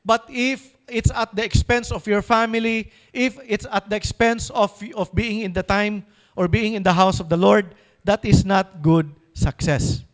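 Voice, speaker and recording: A pastor with a Filipino accent delivers a sermon in a notably high male voice. He is emphatic, keeps asking his congregation questions, and slows to a careful, deliberate pace when reading scripture. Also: fairly even intonation, poor audio.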